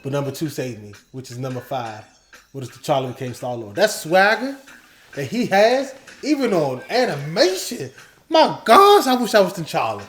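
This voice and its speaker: A man co-hosting a casual talk show, ranking episodes and excitedly quoting scenes in animated bursts. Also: a little high, moderate pace, reverberant, a little hiss or hum. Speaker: podcast co-host.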